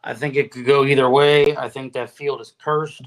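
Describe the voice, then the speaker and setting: A man's voice: medium pitch, flat delivery, moderate pace, low-quality recording. A man calling in to a sports podcast, blunt and grumbling. His mid-range voice wanders through fillers between complaints. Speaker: regular caller. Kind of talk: casual sports chat.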